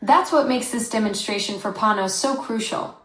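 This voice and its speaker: A woman's voice as an AI companion, giving smooth, agreeable, apologetic conversational replies. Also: fairly high pitch, moderate pace, fairly bright tone, echoey room, rough recording.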